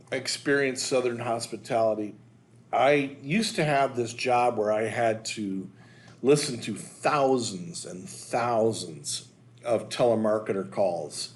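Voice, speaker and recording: Host voice: mid-pitched man reading text aloud with casual off-script asides. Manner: reads aloud, adding loose asides and fillers. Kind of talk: casual narration reading from notes.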